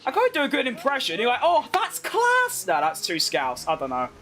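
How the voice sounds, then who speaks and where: A man with a London accent streaming a racing game, chatting with viewers and yelling excitedly at the race. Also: high voice, quick pace. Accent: London English. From London, England. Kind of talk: live gameplay commentary and chat.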